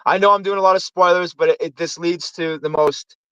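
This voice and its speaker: A man's voice: high-pitched, fairly even intonation, brisk, fairly bright tone, clean tone, no echo, lo-fi sound. A man hosting a casual movie review show, rambling through plots and acting out lines from the films. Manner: rambling, acts out movie quotes. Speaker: host.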